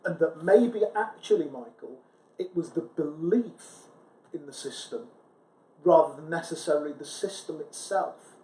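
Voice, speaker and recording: Man musing aloud, slightly high voice. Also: expressive, a little slow, warm tone. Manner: reflective, thinks aloud with restarts. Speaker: podcast co-host, sales recruiter. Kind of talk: casual chat. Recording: echoey room.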